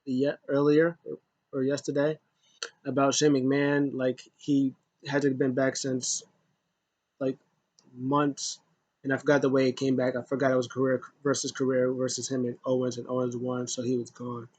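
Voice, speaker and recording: A man's voice: medium pitch, completely flat delivery, moderate pace, darkish tone, breathy edge, no room sound. A man giving a loose, rambling casual recap as a wrestling show reviewer, full of asides.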